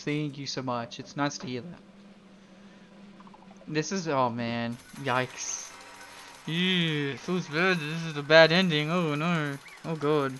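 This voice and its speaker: A man's voice: a little high, bright, forceful tone, slight background noise. A young man giving casual, rambling commentary while live-streaming a game, playful and prone to swearing. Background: game music.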